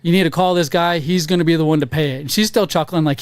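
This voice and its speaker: A man on a casual podcast, telling a profane story with animated acted-out quotes. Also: fairly high pitch, fast talker, few pauses, clear, resonant tone, no room sound. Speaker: podcast co-host. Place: podcast studio.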